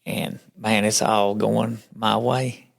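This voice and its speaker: Man, very gravelly voice, podcast guest, folksy storytelling, acts out others' lines. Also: on the low side, little pitch movement, slow. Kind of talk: telling his faith story in casual chat.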